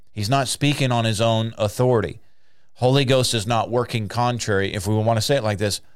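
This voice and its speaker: A man's voice: on the low side, smooth, no room sound, clean studio sound. A man preaching an earnest sermon, urging listeners with repeated phrases and frequent restarts.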